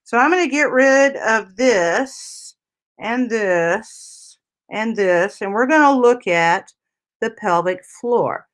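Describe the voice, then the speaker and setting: A woman's voice: on the high side, expressive, slow pace. Woman explaining anatomy step by step. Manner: explains step by step while showing a 3D anatomy model, frequent "you know" and "right?". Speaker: physical therapist guest. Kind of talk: explanatory talk-radio interview.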